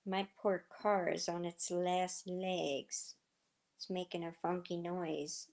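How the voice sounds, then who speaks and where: A middle-aged woman hosting a livestream, chatting casually and telling rambling stories with lots of fillers, her voice slightly hoarse. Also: fairly low pitch, flat delivery, slow pace, darkish tone. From southern United States. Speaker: livestream host. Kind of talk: casual chat with viewers.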